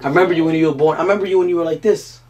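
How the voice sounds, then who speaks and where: A man in his twenties talking casually to his vlog viewers from home, energetic and playful with lots of fillers. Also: a little high, very fast. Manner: energetic, playful, talks in bursts with many fillers. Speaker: vlogger. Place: family home indoors.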